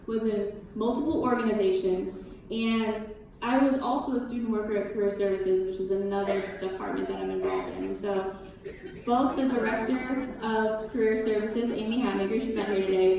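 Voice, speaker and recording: A woman's voice: a little high, a little mellow. A young woman, a student, tells a personal story to a conference audience in an earnest, chatty way, with plenty of "like" and "you know". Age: young adult. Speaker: student speaker. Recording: very echoey room from far off.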